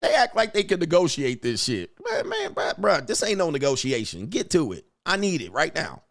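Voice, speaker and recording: A man's voice: on the high side, huge pitch swings, normal speed, gravelly, a bit bright. A man hosting a show, ranting in a crude, boastful, swaggering way in casual talk. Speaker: show host. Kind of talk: casual livestream rant.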